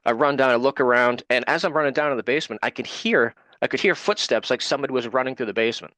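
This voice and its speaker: A man, speaking as an interview guest and telling a story at ordinary pitch. He acts out what others said as he goes, and the voice sounds dry and close. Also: fast talker, pushed and bright, no echo. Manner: retells events with quoted dialogue.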